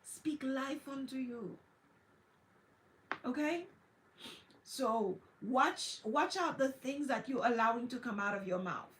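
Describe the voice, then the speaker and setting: A woman with a high voice gives an encouraging motivational talk on a livestream. She repeats her points and acts out quoted self-talk. Her voice rings with a roomy echo. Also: takes it slowly, long pauses, fairly bright tone, slight background noise. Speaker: wellness livestream host. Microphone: streaming setup.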